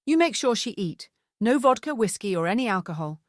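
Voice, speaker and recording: A woman's voice: fairly high pitch, big pitch swings, brisk, no room sound, studio quality, pitched above the performer's own voice. A woman voicing a bossy foreign woman who speaks clipped, broken English in an audiobook.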